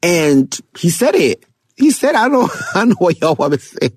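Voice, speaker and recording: A young man giving casual, excitable commentary on songs, laughing often and rapping lyrics aloud. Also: sits high, moderate pace, breathy edge, dry recording. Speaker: music reviewer. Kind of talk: casual music reaction commentary.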